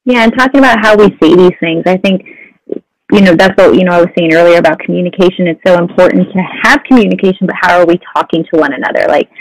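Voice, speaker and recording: A woman's voice: lowish voice, fast talker, no echo, low-quality recording. A woman counselor talking casually as a podcast guest, often saying "you know". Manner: conversational, many "you know" fillers. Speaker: mental health counselor guest.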